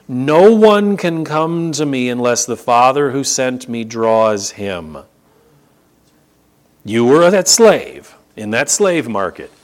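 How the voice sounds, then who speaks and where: A man preaching a sermon, reading scripture aloud and explaining it, repeating words for emphasis and slowing down to stress key phrases. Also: mid-range voice.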